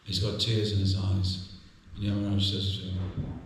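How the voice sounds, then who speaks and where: Low flat-voiced guy telling funny little stories in a temple class, far off mic, big echoey room. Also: unhurried, hardly any pauses, slight background noise. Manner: anecdotal, gently humorous. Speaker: visiting speaker giving a temple class. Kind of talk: devotional class with storytelling. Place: temple hall.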